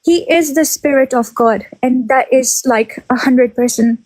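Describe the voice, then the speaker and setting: A woman's voice: high-pitched, measured pace, a little mellow, no echo, rough recording. A young woman from Ireland in casual religious discussion, earnest and out of breath, often repeating words as she searches for phrasing. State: pregnant, out of breath. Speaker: guest.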